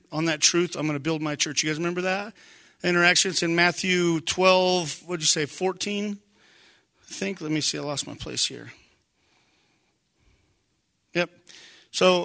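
Lively, bright-voiced male pastor preaching. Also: high-pitched. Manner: conversational, animated, shouts for emphasis. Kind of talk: sermon.

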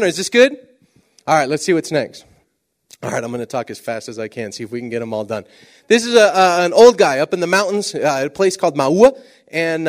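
A man preaching a sermon, telling a story with lively swings from loud exclamations to hushed asides. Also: on the high side.

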